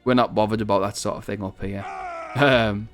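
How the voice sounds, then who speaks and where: Rambling northern English man, low-ish voice. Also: steady tone, moderate pace, soft background music. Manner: rambling, chatty, swears casually. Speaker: gaming video host. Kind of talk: casual strategy game commentary.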